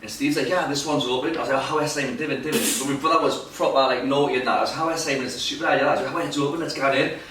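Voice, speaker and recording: A man telling sweary, animated stories as a podcast co-host. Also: medium pitch, rapid-fire, few pauses, background noise. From England. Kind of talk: casual storytelling chat. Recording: echoey room, mic at a distance.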